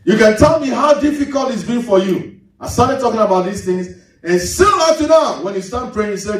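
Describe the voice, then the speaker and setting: A man preaching a sermon as pastor, swinging his pitch sharply and mimicking congregants. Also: lively intonation, normal speed. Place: large church hall. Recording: echoey hall, mic at a distance.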